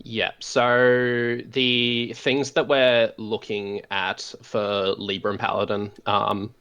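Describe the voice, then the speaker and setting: An Australian man as a guest in a casual chat, relaxed and full of ums and uhs. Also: on the low side, takes it slowly, clean tone, dull audio.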